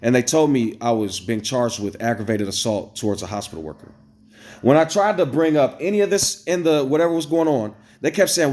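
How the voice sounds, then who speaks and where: A man telling a story straight to his viewers in a casual, blunt, profane rant, swinging between loud exclamations and low asides. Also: fast talker. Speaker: vlogger. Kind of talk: casual ranting storytelling to camera.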